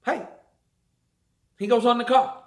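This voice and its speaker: A man's voice: extremely high pitch, steady tone, a little slow. A man delivering a long emphatic rant to viewers about dirt track racing, repeating phrases for stress. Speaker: racing vlogger. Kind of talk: ranting monologue to viewers.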